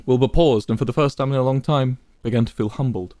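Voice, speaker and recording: A man reading a dramatic story aloud with expressive, varied storytelling. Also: mid-range voice, fast, dry recording. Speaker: narrator. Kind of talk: dramatic fan fiction reading.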